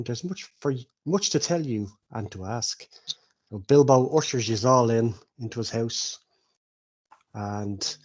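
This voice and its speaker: A man's voice: mid-range voice, a little mellow. A man narrating and recapping as game master, in a casual chatty way with frequent laughs.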